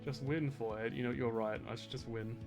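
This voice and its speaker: A man streaming a game, talking casually and cursing often in loud, exasperated outbursts. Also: mid-range voice, fairly even intonation, fairly quick. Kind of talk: casual live-stream commentary. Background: game music.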